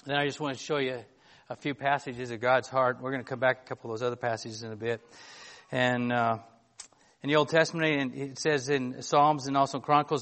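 A man preaching a sermon in a conversational, halting way, often restarting and filling gaps, reading scripture aloud. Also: mid-range voice, little pitch movement, a bit bright.

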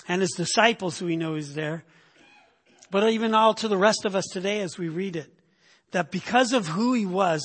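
A man's voice: high voice, breathy edge, long reverb tail. A man preaching a sermon in a teaching tone, often checking in with his listeners with "okay?" and "right?".

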